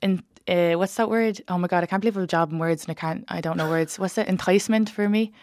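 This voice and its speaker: A woman comedian chatting in an interview, telling animated stories quickly with bursts of laughter. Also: on the low side. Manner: fast, animated, laughing storyteller. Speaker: stand-up comedian, guest. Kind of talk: casual interview chat, storytelling.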